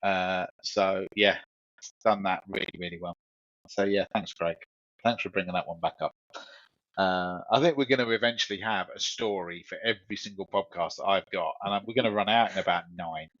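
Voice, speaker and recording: A man's voice: low-pitched, fairly quick, fairly bright tone, no echo. A man co-hosting a podcast, telling a long story in a rambling, swearing, repetitive way. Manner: rambling, swears, repeats himself. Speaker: podcast co-host. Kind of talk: casual storytelling chat. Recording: dull lo-fi sound.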